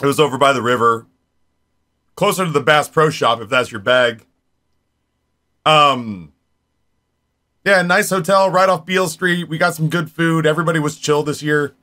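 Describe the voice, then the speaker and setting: Streamer, forties, male: rambling casual chat, bright tone, a bit higher voice. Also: moderate pace, pauses often. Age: 40s. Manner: rambling, chatty, talks straight to viewers.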